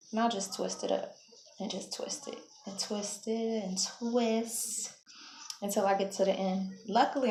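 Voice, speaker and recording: Relaxed chatty woman, flat even voice. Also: mid-range voice. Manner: relaxed, chatty, self-correcting. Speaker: hair vlogger. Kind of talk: casual how-to vlog. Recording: echoey room, faint background hum.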